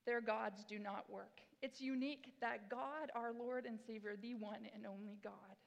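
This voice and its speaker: A woman's voice: a little high, steady tone, normal speed, vocal fry. A woman in her forties giving a sermon as pastor, chatty and self-deprecating, with bursts of enthusiasm. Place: church sanctuary. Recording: long hall reverb in a church.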